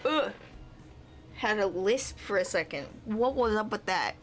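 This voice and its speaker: A woman's voice: mid-range voice, expressive, measured pace, soft background music. A woman streamer chatting casually over gameplay, laughing at herself.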